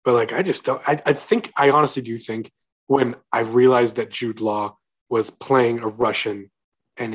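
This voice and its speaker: A man's voice: mid-range voice, a bit bright. A man co-hosting a casual movie podcast, rambling and hesitant, full of "like" and restarts. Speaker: podcast co-host.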